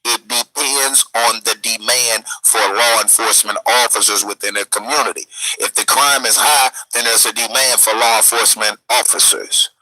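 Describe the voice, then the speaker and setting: Guy ranting like a lecture, cussing, really bright husky voice, dry sound. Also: mid-range voice, steady tone, normal speed, no room sound, low-quality recording. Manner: preachy, profane lecturing. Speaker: speaker in a played clip. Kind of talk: lecturing rant.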